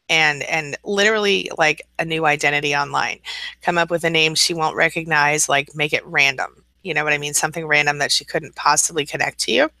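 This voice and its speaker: A woman's voice: deep voice, creaky, pushed and bright, no echo, poor audio. A woman in her forties, a coach hosting a casual live-stream chat, who rambles as she reads viewer comments aloud and answers them.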